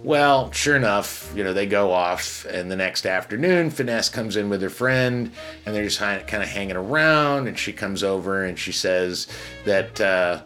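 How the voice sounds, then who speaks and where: A man's voice: lowish voice, moderate pace, a bit bright, faint music behind. A man from Chicago, a casino hotel security manager, telling a story bluntly and profanely, with frequent restarts. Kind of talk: casual storytelling.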